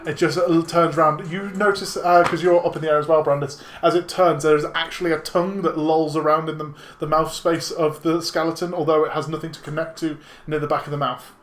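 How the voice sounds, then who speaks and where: A man's voice: fairly high pitch, flat delivery, brisk, hardly any pauses. A man running a tabletop game as dungeon master, narrating in a chatty way with lots of fillers and laughs.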